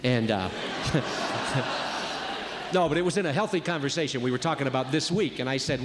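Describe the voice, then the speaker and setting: A man's voice: mid-range voice, animated, brisk, fairly bright tone, a little hiss or hum. A man giving a conversational sermon on marriage, acting out quoted voices as he goes. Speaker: speaker at a marriage retreat. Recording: long reverb of a large hall.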